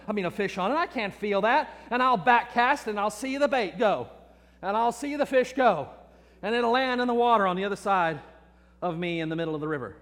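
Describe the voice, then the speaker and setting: A man's voice: sits high, a bit bright, long reverb tail. A man preaching a sermon, telling stories in an earnest way and often repeating his words. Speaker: pastor.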